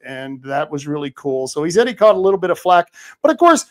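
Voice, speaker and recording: A man hosting his own podcast, telling stories in a rambling, animated way with plenty of fillers and restarts. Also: on the high side, quick pace. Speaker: podcast host. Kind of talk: casual monologue.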